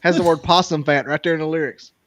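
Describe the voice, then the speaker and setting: A man's voice: fairly high pitch, steady tone, quick pace, no echo. A man co-hosting a casual podcast chat, rambling and ranting playfully.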